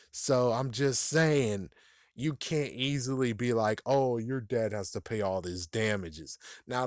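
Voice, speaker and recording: A man reviewing a book, ranting in an exasperated way, swearing often and laughing a lot, his voice shooting up high when he is outraged. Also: no room sound, clean studio sound.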